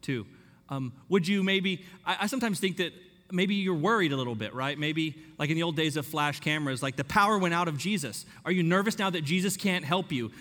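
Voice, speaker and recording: A man's voice: on the high side, brisk, bright, forceful tone. A man preaching a sermon in a conversational way, often acting out the voices of the people he quotes. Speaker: pastor. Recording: long hall reverb.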